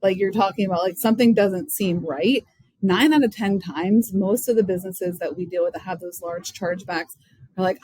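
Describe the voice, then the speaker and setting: A woman's voice: mid-range voice, moderate pace, warm tone, breathy edge, no room sound, rough recording. A woman, a business co-founder, speaking frankly and directly as an interview guest. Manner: frank and direct, many "like" fillers. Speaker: guest, payments company co-founder. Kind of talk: explaining in an interview.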